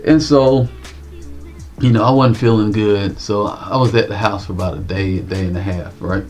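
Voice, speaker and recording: A man's voice: on the low side, steady tone, normal speed, a little mellow, soft background music. A man co-hosting a livestream talk show, telling a rambling, profane story in laid-back slang. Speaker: co-host.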